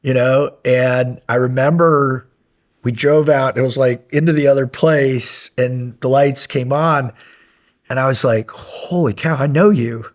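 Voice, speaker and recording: A man guest recounting a story in casual conversation, animated and acting out remembered dialogue with laughs along the way. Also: mid-range voice, measured pace. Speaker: guest, former special operations medic.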